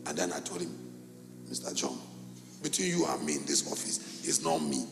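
A middle-aged pastor from Cameroon, preaching a sermon and telling a story with animated, acted-out dialogue in a gravelly voice. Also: male voice, a bass voice, normal speed, over music. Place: church hall. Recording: echoey church hall.

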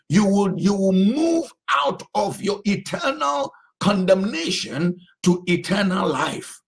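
A man preaching as a pastor, his voice pitched high and ranging widely. He speaks slowly and deliberately, stretching out phrases and repeating them for emphasis. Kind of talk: sermon.

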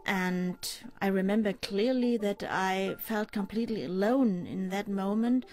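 An older woman in an interview, recounting a personal ordeal in a measured, halting way with pauses and fillers. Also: mid-range voice, a little mellow. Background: faint music.

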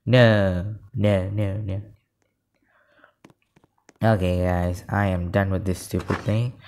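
A man giving live gameplay commentary, excitable and easily frustrated, often saying "literally". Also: sits low, takes it slowly. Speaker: gaming video creator.

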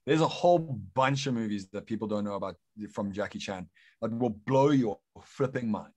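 A man with a South African accent, a guest actor talking excitedly and saying "dude" often. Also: lowish voice, moderate pace. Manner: excitable, says "dude" a lot. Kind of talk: casual interview chat.

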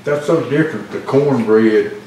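A man, relaxed and affectionate, giving short replies while he tastes food at home. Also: mid-range voice, normal speed, slight background noise. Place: home kitchen. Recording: echoey kitchen, far from mic.

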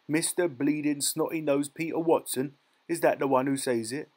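A man's voice: medium pitch, brisk, slightly rough. A man voicing a coarse, jeering teenage boy who eggs on a bully, in an audiobook reading. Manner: jeering, excitable.

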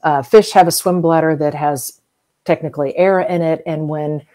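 A woman's voice: low voice, fairly even intonation, moderate pace, mellow. A middle-aged woman from the US South, a guest expert in an interview, explaining at length in a chatty way with everyday comparisons and frequent fillers. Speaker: whale museum guest expert.

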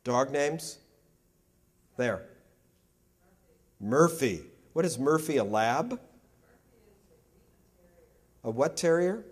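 A man giving a public lecture as an art critic, joking and teasing his audience, animated and quick to banter. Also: mid-range voice, slightly rough.

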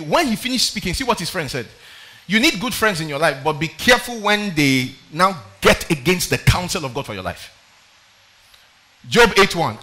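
A man's voice: fairly high pitch, bright, forceful tone. A man preaching a sermon, reading scripture aloud with dramatic emphasis and calling out for the next verse. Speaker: pastor.

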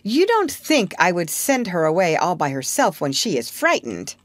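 A woman reading the part of a bold, commanding boy leader in a storybook, in a sharp manner. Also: lowish voice, wildly swooping pitch, normal speed, dry recording. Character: boastful bold boy leader of lost boys. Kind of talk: audiobook character reading.

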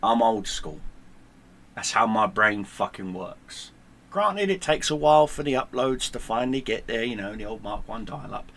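Guy ranting at the camera, sharp pushy voice, sarcastic and swearing a lot. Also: fairly low pitch, expressive, normal speed. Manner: sarcastic, combative, heavy swearing. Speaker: gaming streamer. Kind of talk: profane angry rant to camera.

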